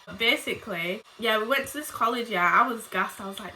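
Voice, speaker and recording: A woman's voice: on the high side, fairly quick, sharp tone, a little hiss or hum, poor audio. A young woman telling casual storytime tales to her viewers, blunt and full of swearing and chatty asides. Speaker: vlogger.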